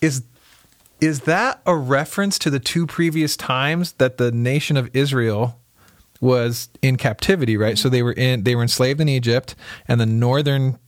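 A man's voice: medium pitch, normal speed, no echo, studio quality. A man, a pastor co-hosting a podcast, reading Bible verses aloud and asking questions about them in casual talk.

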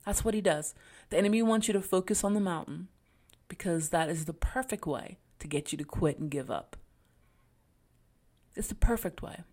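A woman's voice: lowish voice, brisk, a little mellow. A woman hosting a faith podcast, talking in an earnest, encouraging way with casual slang. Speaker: podcast host.

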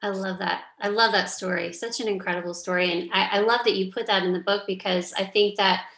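A woman's voice: mid-range voice, fairly even intonation, brisk. Affirming female co-host in a roomy space. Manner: warm affirming, repeats "I love that". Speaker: podcast co-host. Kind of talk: casual interview chat. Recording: roomy echo.

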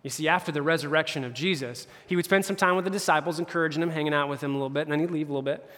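A man's voice: fairly high pitch, rapid-fire, fairly bright tone. A man preaching as a campus pastor, retelling scripture in casual slang and briefly voicing the characters. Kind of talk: casual conversational sermon. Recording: hall reverb.

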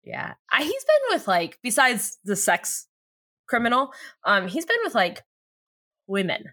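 A woman's voice: on the high side, huge pitch swings, a little slow, pushed and bright. A woman co-hosting a casual chat, recapping a TV episode with lots of fillers and laughter. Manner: giggly, rambling with lots of fillers. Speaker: podcast co-host recapping a TV show.

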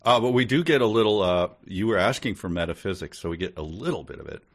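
A man's voice: fairly low pitch, expressive, fast talker. A man co-hosting a podcast, reading book passages and adding wry comments. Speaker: podcast co-host. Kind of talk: casual chat, reading a book aloud.

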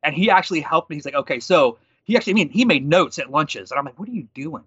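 Guy in his 30s talking fast, bright voice, kinda muffled dull audio. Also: fairly high pitch, slightly rough, dry recording. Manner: fast, animated storytelling with quoted dialogue. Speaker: guest. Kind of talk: conversational storytelling.

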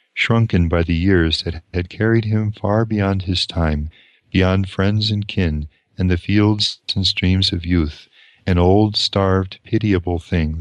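Deep-voiced priest reading slowly. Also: male voice, dry recording. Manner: slow, measured, with pauses. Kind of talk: reading aloud and reflecting on a novel.

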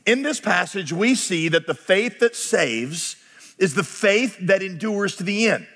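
High-voiced man preaching in a reverberant hall. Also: animated. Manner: impassioned, rising to shouts, then dropping low and quick. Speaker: pastor. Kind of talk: sermon. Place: church sanctuary. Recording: long reverb of a large hall.

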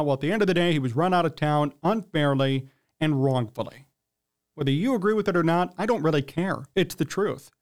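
Man, sports talk host, high voice, blunt, emphatic, incredulous commentary. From United States. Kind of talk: opinionated sports commentary monologue.

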